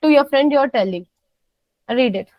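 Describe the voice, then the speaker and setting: A woman teaching a soft skills class, coaxing her students and repeating simple phrases. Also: high voice, animated, normal speed, no echo, dull audio.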